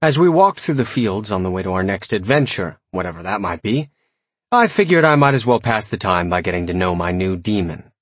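Husky, wry male audiobook narrator. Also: lowish voice, fairly quick, dry recording. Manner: wry, comic, lively storytelling. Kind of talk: first-person audiobook narration.

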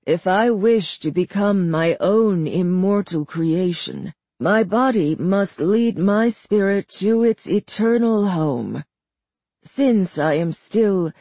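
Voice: mid-range voice, dark tone, no room sound. A narrator voicing a frail, cruel old man who speaks mildly but with menace. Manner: slow, mild, menacing delivery. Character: frail old male villain, cruel and calm.

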